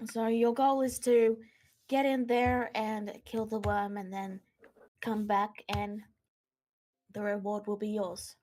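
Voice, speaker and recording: A woman running a tabletop role-playing game, narrating scenes and asking players for decisions in a relaxed manner. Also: medium pitch, slow pace. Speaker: game master.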